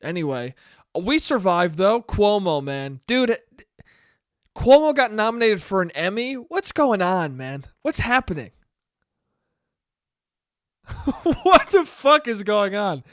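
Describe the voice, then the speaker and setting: A man hosting a solo comedy podcast, rambling along with plenty of swearing and jokes at his own expense. His voice is high and smooth, and the sound is dry and close-miked. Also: big pitch swings, slow pace, long pauses, a bit bright, dry recording. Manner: rambling, profane, self-deprecating. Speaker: podcast host. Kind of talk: casual comedic monologue.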